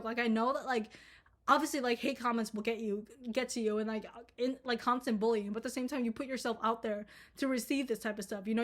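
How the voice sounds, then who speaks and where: A woman's voice: on the high side, fairly bright tone. Rambling, cursing young woman vlogger. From Minnesota, US. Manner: rambling, profane, filler-heavy with lots of "like". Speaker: storytime vlogger. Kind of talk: casual storytime rant.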